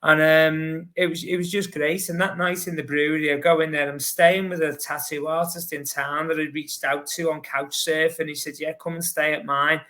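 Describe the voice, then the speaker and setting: A man with a Scouse accent, a podcast guest telling a rambling, lively story full of fillers. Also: on the high side, moderate pace, few pauses. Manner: lively, rambling, heavy with fillers like "you know". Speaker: podcast guest, long-distance runner. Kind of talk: casual anecdotal storytelling.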